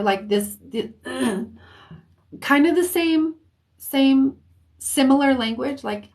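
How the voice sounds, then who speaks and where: A woman giving an intuitive reading on a live stream, hesitant and searching for words, with soft, comforting reassurance. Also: sits high, lively intonation, takes it slowly. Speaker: intuitive reader.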